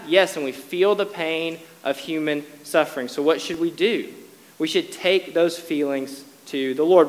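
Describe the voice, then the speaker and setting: A man preaching a sermon in an earnest way, rising to loud emphatic cries when he quotes scripture. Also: a little high, big-room sound, rough recording. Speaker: pastor.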